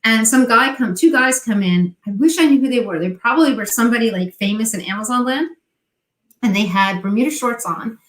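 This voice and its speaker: A woman's voice: fairly high pitch, expressive, a little fast. Middle-aged woman telling a story in an echoey room. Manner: acts out remembered dialogue in quoted voices. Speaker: guest, online seller. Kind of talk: storytelling interview talk.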